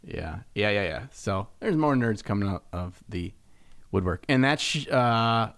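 A young man with a lowish voice co-hosts a relaxed hobby podcast, rambling along and cracking jokes at his own expense. The sound is dry and close, with no room echo. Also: a little slow. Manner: joking, rambling, self-mocking. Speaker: podcast co-host. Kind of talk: casual hobby podcast chat.

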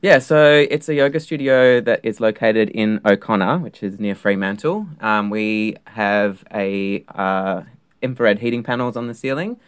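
An Australian man with a fairly low voice talks as a guest. He explains things in a relaxed, unhurried way with plenty of casual fillers. His delivery is easygoing. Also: clear, resonant tone. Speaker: guest, yoga teacher and performer. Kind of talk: casual interview chat.

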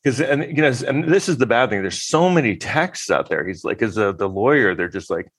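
Casual male commentator, lowish voice, rambling delivery. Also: sing-song, brisk, fairly bright tone. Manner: rambling, lots of filler words. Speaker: comedic commentator. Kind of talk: casual comedic recap.

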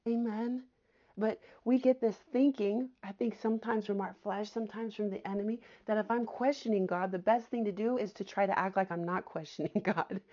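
A woman teaching the Bible on a podcast, earnest and conversational, often dropping to a soft near-whisper for emphasis. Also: mid-range voice, fairly even intonation, brisk, muffled recording. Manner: warm earnest preaching, often says "my friends" and "amen".

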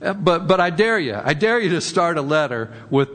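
A man's voice: on the high side, expressive, a little fast, a bit bright, long reverb tail. A man preaching a sermon in a conversational way, often repeating words and rising for emphasis. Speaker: pastor.

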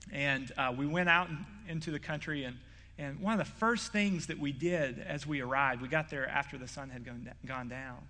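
A young man preaches with a bright, forceful voice that sits a little high for a man. He talks in an earnest, conversational way, and long reverb trails behind his words. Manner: earnest, conversational, gets louder and higher when acting out Isaiah's words. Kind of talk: sermon. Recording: hall reverb.

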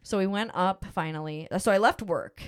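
A woman's voice: medium pitch, moderate pace, smooth. A middle-aged woman hosting a podcast, telling a personal story in a rambling, emotional way with lots of fillers. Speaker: podcast host. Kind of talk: casual storytelling chat.

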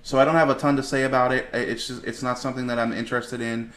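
A man co-hosting a casual podcast, giving measured, easygoing opinions. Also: medium pitch, level tone, a bit bright. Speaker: podcast co-host. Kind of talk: casual wrestling podcast chat. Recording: echoey room.

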